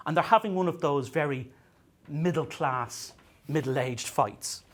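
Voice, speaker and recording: On a comedy venue stage, an Irish man with a slightly high voice performs stand-up, telling self-mocking stories haltingly and often repeating words as he restarts.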